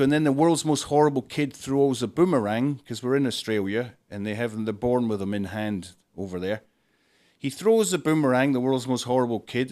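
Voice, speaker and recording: A man, hosting a podcast and reviewing a film in a dry, sarcastic monologue full of deadpan jokes. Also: mid-range voice. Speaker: podcast host.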